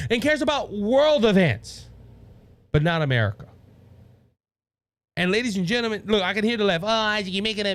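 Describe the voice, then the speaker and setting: A man's voice: high-pitched, a bit bright. A man with a Cajun Louisiana accent hosting a political commentary podcast, talking emphatically, often restarting phrases and speaking straight to his listeners. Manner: addresses listeners directly. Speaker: podcast host.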